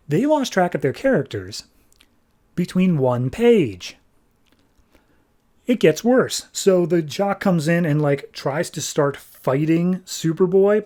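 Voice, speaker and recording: A man on a podcast casually recapping a comic book, animated and nitpicky, tossing off quick character lines as he goes. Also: a little high. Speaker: podcast host.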